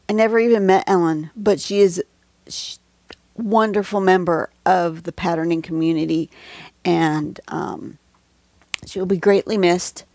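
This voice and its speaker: A woman's voice: fairly low pitch, steady tone, unhurried, darkish tone, no echo. A woman hosting a casual livestream drawing lesson, chatty and rambling with many asides, recorded on a phone at home. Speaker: drawing tutorial host.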